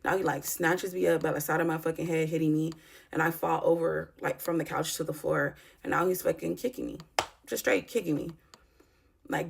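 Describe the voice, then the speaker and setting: A woman's voice: sits low, moderate pace, creaky, slight background noise. A woman in her thirties telling a personal story in a vlog, talking in a raw, profane, emotional way with lots of fillers. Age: 30s. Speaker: vlogger.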